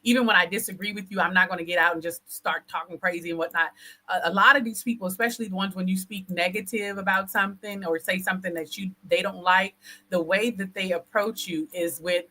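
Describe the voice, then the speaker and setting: A woman leads a casual conversation, her voice bright and forceful. She speaks bluntly and deliberately, pressing each point with assertive conviction. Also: on the low side, steady tone, rough recording.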